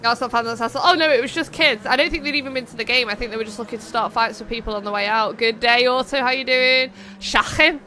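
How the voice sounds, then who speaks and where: A young woman streams a racing game, speaking quickly in a fairly high, pushed, bright voice with few pauses. She chats casually, drifts into tangents, and reads viewers' messages aloud as she hosts the race.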